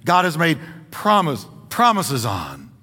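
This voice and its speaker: Emphatic preacher with a bright, ringing voice. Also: male voice, a little high, wildly swooping pitch, takes it slowly, husky, in a large hall. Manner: emphatic preaching, repeating words for stress; folksy humor with the congregation. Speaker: pastor. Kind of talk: sermon. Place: church sanctuary.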